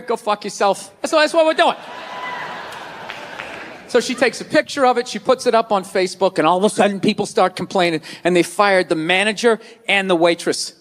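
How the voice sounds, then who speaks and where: A middle-aged man from the US East Coast doing a profane stand-up rant, often shouting. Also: sits high. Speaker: stand-up comedian. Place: comedy stage before a live audience.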